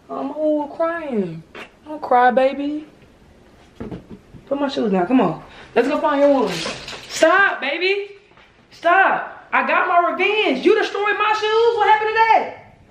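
Brief: young woman vlogger, very high pitch, teasing prank-host banter. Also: animated, unhurried, long pauses, a little hiss or hum. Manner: playful, teasing, coaxing. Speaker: vlog host. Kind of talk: casual prank vlog.

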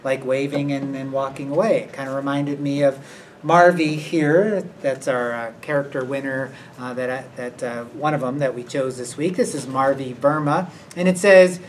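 A man from the school staff chats his way through character awards, wandering and filling pauses as he goes. He sits back from the microphone, and a faint hiss runs under his voice. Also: medium pitch. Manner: rambling and hesitant, many fillers. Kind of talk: casual unscripted school announcement. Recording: distant mic with faint noise.

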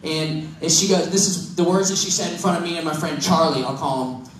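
A high-voiced young man from Missouri tells a sermon story in a loose, self-mocking, joking way. He sounds distant from the mic, with a big echo around him and faint room noise. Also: fairly quick. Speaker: preacher. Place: church hall. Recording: echoey hall from far off.

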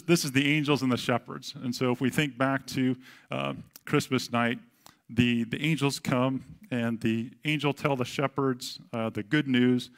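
Middle-aged man, pastor, casual chatty sermon, gravelly voice, mid pitch. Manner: conversational, with fillers and quoted voices.

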